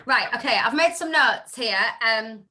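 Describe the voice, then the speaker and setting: Chatty bright-voiced woman giving tips. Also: fairly high pitch, a little slow. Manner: chatty, self-interrupting, animated storytelling. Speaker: direct sales consultant sharing tips. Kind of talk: casual talk on a group video call. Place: home room.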